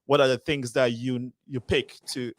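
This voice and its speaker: A man's voice: medium pitch, little pitch movement, moderate pace, no echo. Male panel host, probing questions, dry close sound. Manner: probing, restates guests' points. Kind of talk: moderating a panel discussion.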